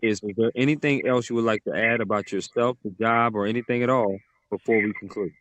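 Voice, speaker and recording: A man's voice: lowish voice, fairly even intonation, brisk, fairly bright tone, no echo. A man hosting a podcast interview, talking casually and with enthusiasm. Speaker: podcast host.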